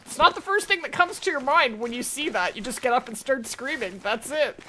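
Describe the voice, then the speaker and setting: A woman hosting a live gaming stream, chatty and excitable, talking to her chat and to the game. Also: high voice, brisk, a little hiss or hum. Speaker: livestream host.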